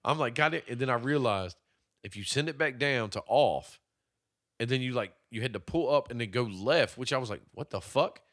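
A man's voice: medium pitch, moderate pace, fairly bright tone. A man co-hosting a podcast, telling stories in a profane, laid-back way and laughing often. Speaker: podcast co-host. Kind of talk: casual chat.

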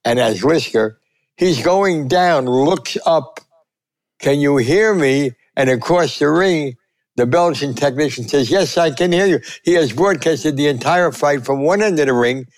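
An older man, a veteran sportswriter telling a lively story and acting out the quotes. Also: unhurried. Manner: lively, acts out quotes with big pitch jumps. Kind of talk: animated storytelling.

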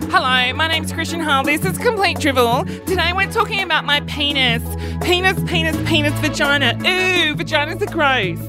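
A man voicing a whiny, high-voiced podcast host who rambles crudely. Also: normal speed, few pauses, loud music behind the voice. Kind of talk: comedic podcast parody.

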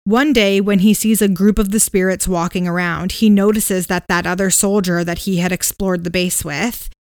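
A woman's voice: mid-range voice, moderate pace, clear, resonant tone, dry recording. Dry-voiced woman telling a spooky story. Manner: relaxed retelling with fillers and hedges. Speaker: podcast co-host.

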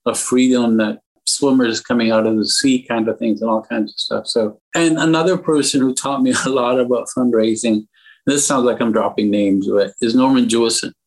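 A man's voice: medium pitch, steady tone, moderate pace, poor audio. A man from Lebanon, interviewed as an entrepreneur and art collector, telling rambling anecdotes with restarts.

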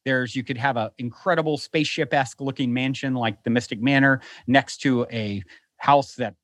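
A man who is a podcast guest, telling a story in a casual, animated, rambling way with many restarts. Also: mid-range voice, normal speed, no echo. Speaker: podcast guest who hosts his own show. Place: lives in a beach town.

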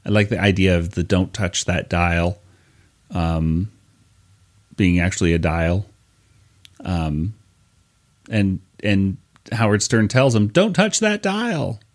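A man's voice: sits low, steady tone, takes it slowly, pauses often. A man co-hosting a podcast, casually reviewing a comic book and hesitating with fillers as he recalls scenes. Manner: hesitant, lots of fillers, reads out quotes. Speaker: podcast co-host.

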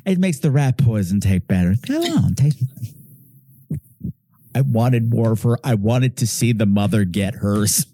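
A man hosting a casual film-review podcast, animated and mimicking characters. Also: fairly low pitch, normal speed, hardly any pauses, dry recording, clean studio sound. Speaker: podcast host.

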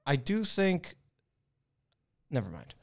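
A man's voice: a little high, huge pitch swings, slow, gravelly. A young man co-hosting a podcast, talking in a loose, profane, rambling way with lots of restarts. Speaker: podcast co-host. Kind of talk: casual podcast chat.

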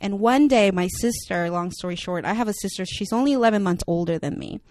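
A woman's voice: mid-range voice, brisk, darkish tone, no echo. A young woman with a Spanish accent, chatting candidly as an interview guest with lots of filler words. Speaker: actress and writer guest. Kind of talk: casual interview talk.

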